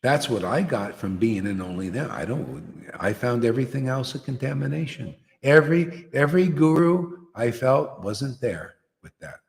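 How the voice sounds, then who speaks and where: A man's voice: medium pitch, lively intonation, normal speed, gravelly, hardly any pauses, darkish tone, in a large hall. A man preaching a fiery devotional sermon, emphatic and confrontational, challenging his listeners.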